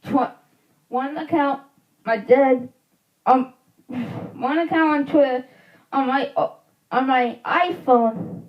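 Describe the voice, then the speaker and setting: A woman's voice: high voice, slow, pauses often. A woman vlogger talking in a rambling, playful casual chat, on a dull lo-fi home recording.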